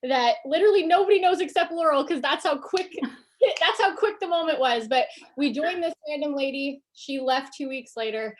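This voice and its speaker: A woman's voice: sits high, moderate pace, a little hiss or hum. A woman from Canada on a video call, telling her story casually, with a lot of "like" fillers. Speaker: team leader guest.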